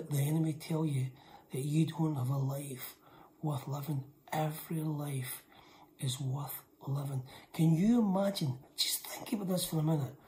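A woman preaching a sermon with emphasis. She repeats lines for weight and often drops into a hushed whisper. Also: deep voice.

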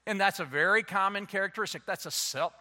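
A man preaching a sermon as a pastor, animated and slipping into playful voices to act out excuses. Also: high voice, fast. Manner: animated, acts out quoted excuses in changing voices.

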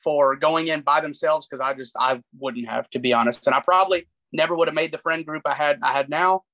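A man's voice: fairly high pitch, fairly quick, bright, forceful tone, poor audio. Young male podcast co-host, rambling, self-deprecating storyteller, casual. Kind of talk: casual chat.

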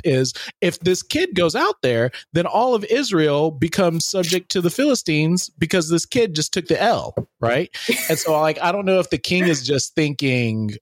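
A man's voice: on the high side, no room sound. A man co-hosting a podcast, retelling a Bible story in casual, slangy, jokey chat. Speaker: podcast co-host.

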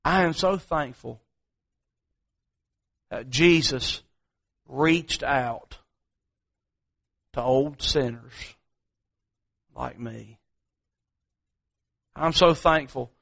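A male pastor preaching a sermon, slow and emphatic, repeating key phrases. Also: medium pitch, creaky, fairly bright tone.

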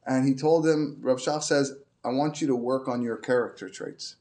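Weaving an informal Torah class in, a man teaches in a mid-pitched voice. His speech is halting with many restarts, but stories bring out a more animated side.

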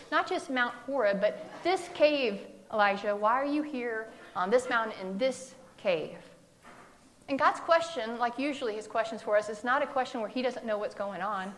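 A woman's voice: on the high side, slight background noise. Conversational woman preaching a sermon. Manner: conversational, animated, acts out quotes with humor.

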